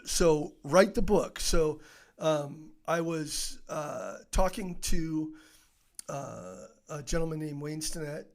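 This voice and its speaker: A middle-aged man telling stories as an interview guest, animated and laughing often, full of fillers and restarts. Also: a little high, slow. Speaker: podcast guest, author. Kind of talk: casual interview storytelling.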